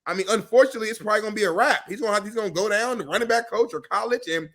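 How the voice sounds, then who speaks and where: A man speaking as a panelist in a casual sports debate, earnest and measured. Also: high-pitched, sharp tone.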